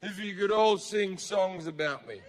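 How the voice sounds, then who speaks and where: A man with an Australian accent performing a profane stand-up comedy set on a theater stage, acting out characters with shouting. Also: high voice, a little slow, noisy background. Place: large theater stage with a live audience. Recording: live hall recording with audience.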